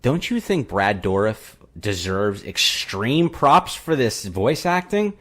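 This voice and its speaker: A man's voice: fairly low pitch, big pitch swings, slow pace, fairly bright tone. A man co-hosting a podcast, chatting casually and eagerly about favorite scenes. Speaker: podcast co-host. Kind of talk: casual chat.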